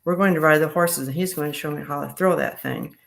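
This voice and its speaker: Smug blunt cousin, as read by the author, gravelly. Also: mid-range voice, fast, a bit bright. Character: young man, her cousin, smug and blunt.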